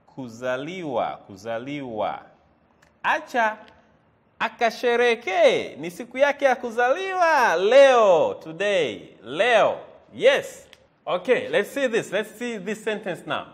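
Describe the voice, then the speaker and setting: A male teacher with a high voice that swings up and down as he talks. He walks through a language lesson slowly and deliberately, repeating each word. He keeps quizzing the listener. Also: a bit bright. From Tanzania. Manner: slow, repeating words and quizzing the viewer. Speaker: Swahili teacher.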